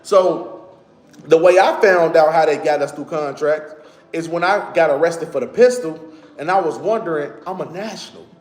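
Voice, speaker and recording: A man's voice: on the high side, normal speed. A man explaining things to his viewers in a casual monologue. He talks conversationally, repeats his points and speaks to the audience directly. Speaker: online commentator. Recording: echoey room.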